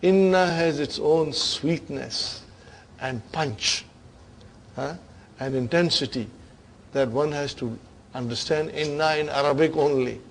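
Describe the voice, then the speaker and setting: A man's voice: on the high side, slow pace, a little hiss or hum, rough recording. A man teaching an Arabic grammar class, quizzing his students with repeated questions and slipping into Urdu phrases now and then. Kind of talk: classroom lecture.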